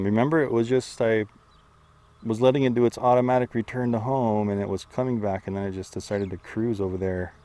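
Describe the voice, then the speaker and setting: A man doing excitable, casual commentary outdoors while flying and chasing a drone, out of breath at times. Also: fairly low pitch. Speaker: drone reviewer. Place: outdoors among trees.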